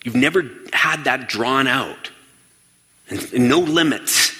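Energetic man with a bright voice in a reverberant hall. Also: medium pitch, slow pace. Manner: energetic, asks the audience questions and acts out quoted voices. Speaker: speaker addressing an audience. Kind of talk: lively stage talk. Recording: long reverb of a large hall.

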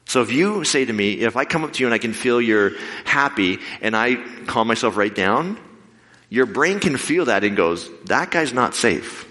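A man preaching a sermon with lively storytelling, acting out the voices of the people in his stories. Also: medium pitch, moderate pace. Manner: animated, acts out quoted voices. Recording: long hall reverb.

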